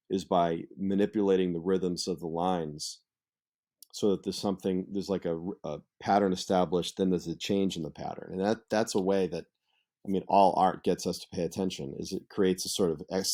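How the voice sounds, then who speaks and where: A man with a low, mellow voice teaches a literature lesson. He explains things conversationally, like a lecture, sprinkling in frequent fillers and asides.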